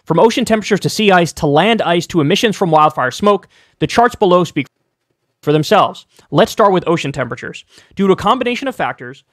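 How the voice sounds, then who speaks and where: A man reading an article aloud and commenting on it in a measured, explanatory way. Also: high voice, animated, no room sound, studio quality. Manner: measured, explanatory, reads aloud and then remarks on it.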